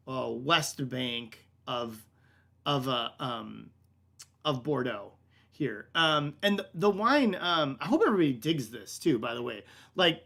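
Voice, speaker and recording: A man's voice: high voice, a bit bright. A man hosting a casual online wine lesson, rambling and laid-back, full of "like" and "um", calling his listeners "man". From United States. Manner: rambling and filler-heavy, lots of "like", "kinda" and "um". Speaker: wine shop director hosting a tasting class.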